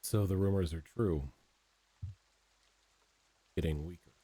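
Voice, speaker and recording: A grim gnoll with a deep, dark, growling voice. It speaks in a slow, husky, dismissive way and cares only about the undead. The voice is a low rumble across a live-streamed tabletop game. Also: full character voice. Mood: cold, dismissive. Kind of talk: tabletop role-play in character.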